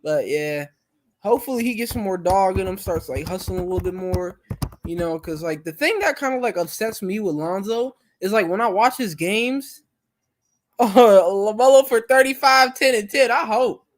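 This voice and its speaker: A man's voice: sits high, expressive, normal speed. Laid-back young man streaming. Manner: laid-back, rambling, many fillers. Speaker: live stream host. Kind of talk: casual live-stream chat.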